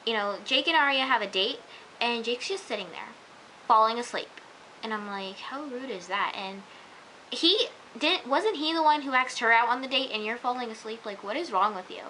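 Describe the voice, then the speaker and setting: A woman's voice: fairly high pitch, animated, moderate pace, pushed and bright, rough recording. A young woman reviewing a TV episode in a casual, rambling chat full of fillers. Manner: chatty and rambling, many fillers. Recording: faint hiss.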